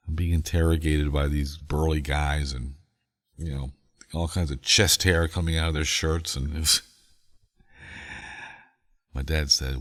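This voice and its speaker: A man's voice: a bass voice, steady tone, measured pace, long pauses, fairly bright tone, long reverb tail. A man hosting a sleep podcast, telling a story in a meandering way with chuckles. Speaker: podcast host.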